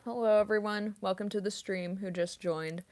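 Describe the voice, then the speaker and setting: A woman's voice: medium pitch, fairly even intonation, moderate pace, a little mellow. A young woman voice actress chatting casually on a livestream, reading chat aloud with lots of ums and likes while snacking on chips. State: eating chips while talking.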